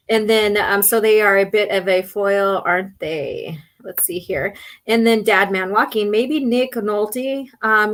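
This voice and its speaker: A woman hosting a casual morning talk show, and she is losing her voice. She speaks slowly and leisurely. Her delivery is chatty, with frequent laughs. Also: mid-range voice, fairly bright tone. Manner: unhurried, chatty, laughs often. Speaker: host. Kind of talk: casual chat.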